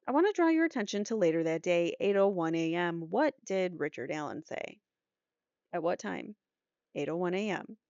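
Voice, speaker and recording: Gravelly woman reading court transcripts. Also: on the low side, dry recording. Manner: skeptical asides between readings. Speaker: true crime podcast host. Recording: dull lo-fi dry recording.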